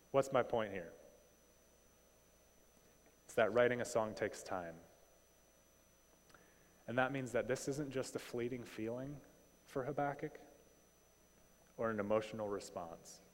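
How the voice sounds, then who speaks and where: A man delivers a sermon in an easygoing, animated voice that sits a little low. He keeps asking his listeners rhetorical questions. The sound rings with a long reverb, as in a church sanctuary. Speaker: pastor.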